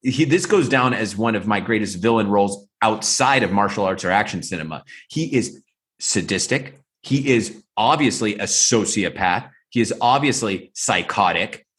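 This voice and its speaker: Male podcast co-host, lower register, very lively delivery, casual film chat. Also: normal speed. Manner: animated, acts out movie lines in shifting voices; rambling with frequent fillers.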